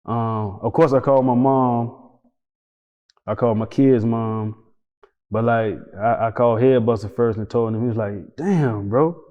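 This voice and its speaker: A man's voice: mid-range voice, normal speed, clear, resonant tone. Man telling a story, roomy lo-fi sound. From Tampa, Florida. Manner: animated, acts out dialogue, swears freely. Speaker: interview guest. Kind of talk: casual storytelling interview. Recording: roomy reverb, dull lo-fi sound.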